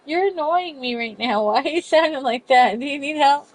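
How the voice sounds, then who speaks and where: Fussy pet cat, soft and mock-annoyed, voiced by a woman. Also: sits high, normal speed, natural voice. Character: pet cat, fussy and put-upon female.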